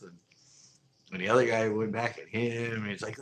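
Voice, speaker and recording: Easygoing guy host, fairly low voice, casual storyteller who laughs a lot; faint background hum. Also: rapid-fire, poor audio. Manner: laid-back, laughs often, acts out quoted arguments. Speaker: fishing channel host.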